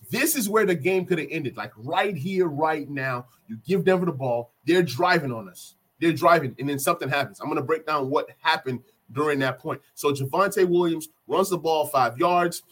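Husky-voiced man excitedly recapping a game. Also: fairly high pitch, moderate pace. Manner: animated, repeats key plays for emphasis. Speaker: sports fan vlogger.

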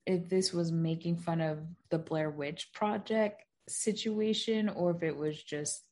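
Low-voiced woman chatting about movies. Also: fairly even intonation, unhurried, a little mellow. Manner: chatty, rambling with fillers. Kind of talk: casual movie recap chat.

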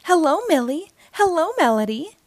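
Woman reading as a sweet cartoon mouse lady, upbeat, high and lively, storybook voice. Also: moderate pace, vocal fry, no echo, exaggerated voice. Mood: cheerful.

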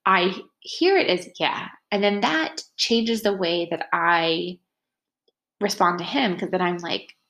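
A woman's voice: lowish voice, slow, fairly bright tone. An American woman in her thirties hosting a podcast, chatting casually and acting out the voices she quotes. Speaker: podcast host for estheticians. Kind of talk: casual solo podcast talk.

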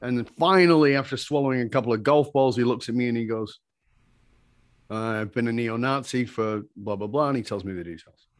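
A man's voice: mid-range voice, fairly quick, dry recording. Emphatic storytelling man, dry close sound. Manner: energetic, emphatic, rising to excited peaks when retelling exchanges. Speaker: interview guest, communication skills teacher. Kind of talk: animated personal storytelling in conversation.

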